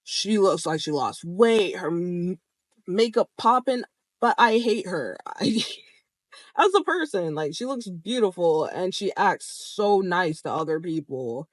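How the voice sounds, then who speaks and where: Animated vlogger telling a story, dry sound. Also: medium pitch, unhurried, no echo. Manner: animated and expressive, with frequent swearing. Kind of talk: casual storytelling to camera. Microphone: camera framed close to the speaker.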